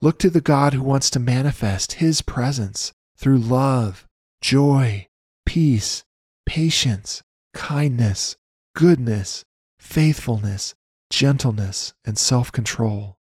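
A man reading a personal faith testimony aloud in an earnest, measured way, citing scripture references. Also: medium pitch, a little mellow, slightly rough, dry recording, studio quality. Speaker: Christian storyteller. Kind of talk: read devotional testimony.

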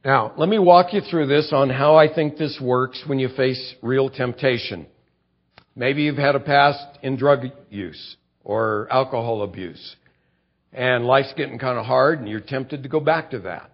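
A man's voice: medium pitch, measured pace. Earnest preacher man, lo-fi recording. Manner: earnest teaching, rising to fervent emphasis. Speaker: pastor. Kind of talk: expository sermon.

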